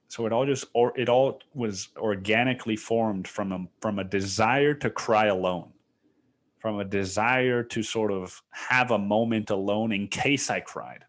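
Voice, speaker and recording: Candid young man rambling on a podcast. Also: on the low side. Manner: rambling and candid, says "dude" and "man" often, swears casually. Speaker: podcast host. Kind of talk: casual solo podcast monologue.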